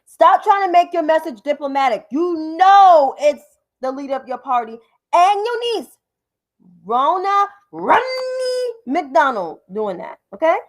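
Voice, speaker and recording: Fiery profane woman with a high voice. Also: animated, moderate pace. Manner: profane, combative, repeats names for emphasis. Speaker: political commentary host. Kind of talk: livestream political commentary.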